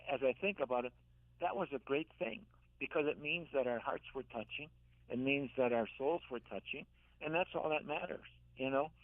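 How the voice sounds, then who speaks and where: An older man, an author and caregiver, telling gentle stories in a radio interview, halting and repeating words as he speaks. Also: mid-range voice, no echo. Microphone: phone. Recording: tinny dry phone line.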